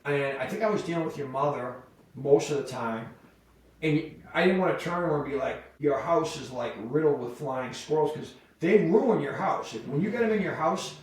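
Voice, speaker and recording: Brief: middle-aged guy, a bit high, spins profane yarns, recorded from a distance in an echoey room. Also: normal speed. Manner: rambling, profane, animated in quoted voices. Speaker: podcast guest, wildlife removal business owner. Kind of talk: casual storytelling.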